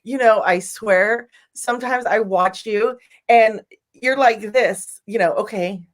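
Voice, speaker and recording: Gushy woman running a casual live stream chat, kinda high voice, gets teary over comments. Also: takes it slowly. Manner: bubbly, gushing, animated. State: teary, emotional.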